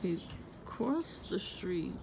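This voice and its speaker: A woman's voice: on the low side, sing-song, very slow, vocal fry. A woman vlogger telling stories in a blunt, irritated, profane casual rant. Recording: muffled lo-fi with loud background noise.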